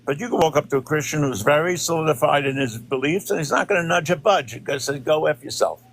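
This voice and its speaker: A man speaking in a measured, conversational way during a podcast discussion. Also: a little high, a bit bright, slight background noise.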